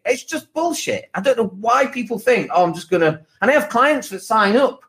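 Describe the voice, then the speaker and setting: A man's voice: very high voice, very animated, normal speed, few pauses, a bit bright. A man hosting a podcast as a property coach, giving a blunt motivational monologue full of rhetorical questions and swearing.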